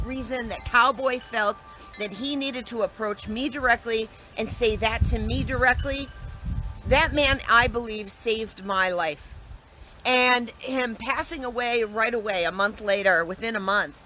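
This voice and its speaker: A woman's voice: fairly high pitch, pushed and bright, a little hiss or hum. A woman telling a personal story in a casual, earnest way, often restarting and repeating herself. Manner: earnest, reflective, with frequent restarts and repetitions.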